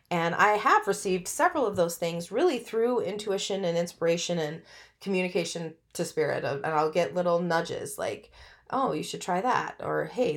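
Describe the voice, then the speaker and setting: Podcast host, middle-aged woman, earnest and reflective, slightly low voice, personal storytelling. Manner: earnest, reflective, with frequent restarts and fillers.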